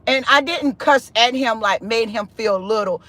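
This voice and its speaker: Animated, chatty woman telling a story. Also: moderate pace. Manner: expressive and chatty, with big pitch swings and laughter; loose conversational speech with frequent "honey" and "sis". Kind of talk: animated spiritual testimony.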